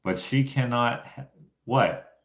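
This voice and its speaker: A man's voice: medium pitch, slow pace, vocal fry. Rambling Canadian man in an echoey room. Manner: rambling, laughs often. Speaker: YouTuber. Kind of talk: casual storytelling to viewers.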